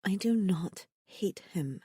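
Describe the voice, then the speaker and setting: A woman voicing a gentle, sorrowful young alien woman who speaks softly and formally, without contractions. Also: fairly low pitch, unhurried, no room sound, clean studio sound. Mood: sad. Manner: soft and mild.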